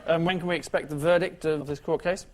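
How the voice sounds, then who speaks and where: A man hosting a TV panel show, reading scripted jokes with dry deadpan timing. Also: fairly high pitch, fast. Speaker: guest host. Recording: TV studio with audience laughter and noise.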